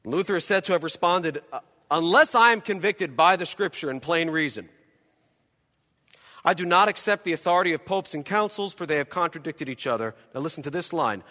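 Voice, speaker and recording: A male pastor preaches with a high, bright voice that has a ringing edge. He swings from loud to hushed as he acts out imagined voices. His words trail off into a long hall reverb from the church around him. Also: lively intonation, brisk. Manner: dramatic, acting out quoted voices, swings from loud to quiet. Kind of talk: sermon.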